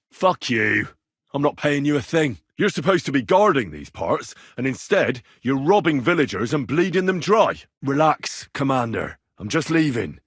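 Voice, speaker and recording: Wry husky young medieval hero. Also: male voice, fairly high pitch, fairly bright tone, no room sound, clean studio sound, full character voice. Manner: sardonic, swears freely. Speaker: game protagonist. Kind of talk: game voice lines.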